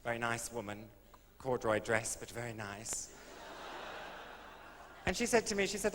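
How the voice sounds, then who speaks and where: A camp comedian spins his tale on stage in a dry, arch voice full of innuendo. His voice sits at an ordinary middle pitch and rings with the long echo of a hall. A faint hiss lies under this old live recording. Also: big pitch swings, moderate pace, pauses often. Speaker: stand-up comedian. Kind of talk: camp stand-up storytelling.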